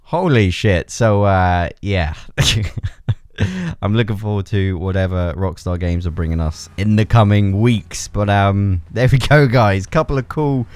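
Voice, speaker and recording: A young man giving excitable gameplay commentary, laughing a lot and swearing freely. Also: lowish voice, unhurried. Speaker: gaming YouTuber.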